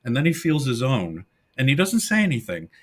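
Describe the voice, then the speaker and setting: A man's voice: mid-range voice, brisk, breathy edge. A middle-aged man co-hosting a podcast, animatedly retelling classic comedy scenes in casual conversation. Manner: animated storyteller, acts out the film's lines in character. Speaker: podcast co-host. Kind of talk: casual film discussion.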